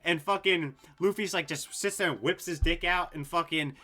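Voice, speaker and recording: A young man casually ranking anime story arcs, excitable and rambling, swearing a lot and full of fillers. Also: fairly high pitch, moderate pace. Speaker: anime video host.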